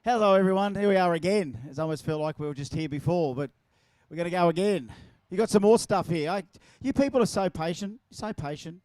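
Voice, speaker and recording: Australian man, event MC, higher voice, playful crowd banter, dry close sound. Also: fairly quick, hardly any pauses, darkish tone, no room sound. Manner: jokey, playful, teasing. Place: outdoor drag racing track.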